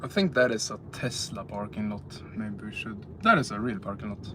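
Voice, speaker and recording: On the low side, with lively intonation and a moderate pace, this livestreamer jokes with his audience during a drive and a trip through a big grocery store. The clip is captured on a phone in his hand, with background noise.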